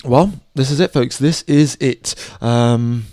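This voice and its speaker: A young man giving live motorsport commentary on a stream, excitable and chatty, talking straight to his viewers. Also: mid-range voice, takes it slowly, dry recording, clean studio sound. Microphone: headphones on, home streaming mic.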